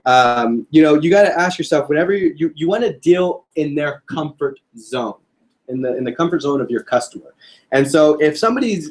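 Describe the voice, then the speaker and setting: A young man giving a casual sales training talk to a group, joking and quizzing his listeners. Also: fairly high pitch. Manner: casual, joking, addresses audience with questions.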